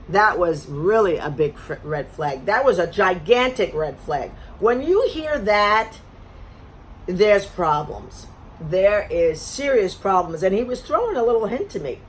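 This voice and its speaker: A middle-aged woman vents about a bad date with sarcastic exasperation, her pitch leaping up and down as she talks. There is a faint hiss of noise behind her. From Florida. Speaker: vlogger. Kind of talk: casual storytelling rant.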